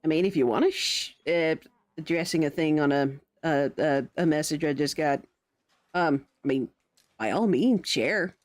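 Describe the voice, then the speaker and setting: A woman's voice: low-pitched, normal speed. A young woman streaming a game, chatting casually and laughing often as she comments on the story. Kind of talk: casual let's-play commentary.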